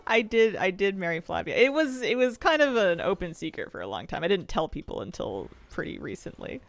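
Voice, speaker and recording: Answering chat while gaming, this streamer talks in a relaxed way, reads out viewer questions, and laughs often. The voice sits mid-range with vocal fry.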